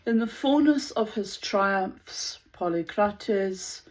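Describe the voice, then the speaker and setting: Slow, unhurried woman storyteller. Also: medium pitch, expressive, rough recording. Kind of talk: reading myths aloud, with casual asides.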